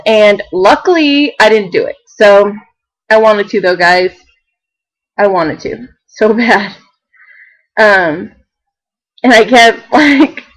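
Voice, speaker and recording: A young woman vlogging in a chatty, animated way, full of fillers and laughter. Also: mid-range voice, rough recording. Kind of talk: casual chat to camera.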